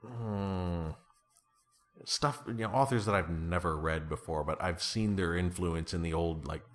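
A man's voice: low voice, unhurried. A man talking as an author guest in a casual interview, playful, laughing often and slipping into comic voices.

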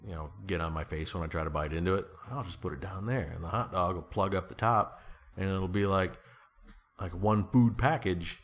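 A podcast co-host in his thirties chats casually, rambling and joking at his own expense. His voice is low-pitched and fairly quick.

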